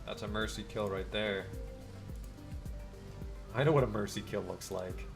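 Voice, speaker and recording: A man's voice: fairly low pitch, measured pace, creaky, over music. A man hosting a let's play, reading game text aloud and joking between lines. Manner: casual and joking.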